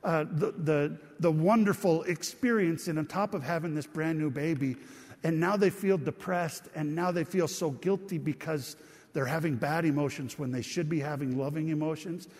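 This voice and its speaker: Conversational pastor preaching in reverberant church. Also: male voice, a little high, normal speed, a little mellow. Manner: conversational, calls out to the congregation. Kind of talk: sermon.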